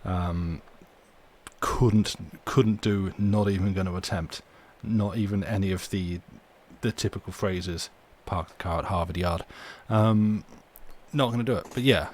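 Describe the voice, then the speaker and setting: A man talks casually to his live-stream chat in a somewhat low voice. He rambles, stops to restart his sentences, and breaks into small chuckling asides. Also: a little slow, darkish tone. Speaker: streamer reading stories aloud.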